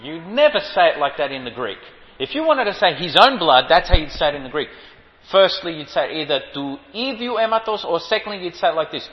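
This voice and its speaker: A man teaching a sermon on Greek Bible wording, stressing and repeating key phrases and quizzing his listeners. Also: a little high. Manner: emphatic, repeats key phrases, asks the audience questions. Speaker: preacher. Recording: lo-fi hall recording, long reverb.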